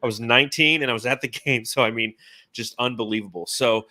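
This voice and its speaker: A man in his forties hosting a casual sports podcast, talking in an animated, rambling, enthusiastic way. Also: mid-range voice, quick pace, no room sound, clean studio sound. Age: 40s. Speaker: podcast host.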